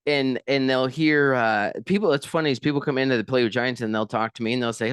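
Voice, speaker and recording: A man with a Southern accent hosting a podcast, telling anecdotes in an animated, casual way. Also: mid-range voice, fast talker, few pauses, clear, resonant tone, no echo, clean studio sound. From New Mexico. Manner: animated storyteller, laughs often. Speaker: podcast host. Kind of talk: casual interview chat.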